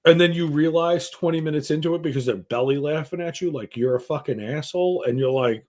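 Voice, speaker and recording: A man's voice: on the high side, fairly quick, slight background noise. A middle-aged man co-hosting a podcast, telling crude everyday stories full of swearing and acted-out quotes. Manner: profane, animated, acts out quoted voices. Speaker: podcast co-host. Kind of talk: crude casual storytelling.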